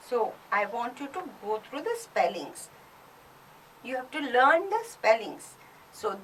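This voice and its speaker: A woman with an Indian English accent teaching a French class, slowly drilling words for students to repeat. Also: fairly high pitch, a bit bright, distant mic, a little hiss or hum, rough recording. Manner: slow, deliberate teacher drilling pronunciation. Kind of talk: recorded online class.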